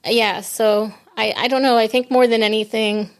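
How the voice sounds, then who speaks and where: Reflective woman with a gravelly edge. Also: on the high side, fairly even intonation. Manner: reflective, halting storytelling with many restarts. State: grieving. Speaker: podcast guest. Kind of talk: conversational interview.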